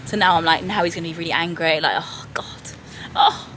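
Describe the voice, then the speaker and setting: A woman's voice: lowish voice, level tone, fast talker, a bit bright. A woman, vlogging candidly and chattily about her day as a new mum. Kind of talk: casual vlog chat. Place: car, then hospital hallways. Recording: noisy background.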